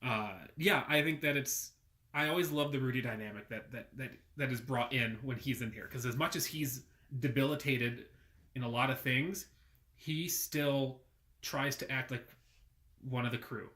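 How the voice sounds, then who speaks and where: A man's voice: medium pitch, moderate pace, bright, forceful tone. A man co-hosting a podcast, chatting eagerly about a cartoon episode and often cutting in over his partner. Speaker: podcast co-host. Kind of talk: casual chat recapping a cartoon episode.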